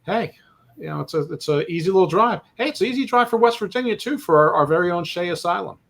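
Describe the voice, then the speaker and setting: A man's voice: high voice, lively intonation, fast, vocal fry. A man co-hosting a casual sports podcast, rambling with stammered restarts and self-deprecating jokes. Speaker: podcast co-host.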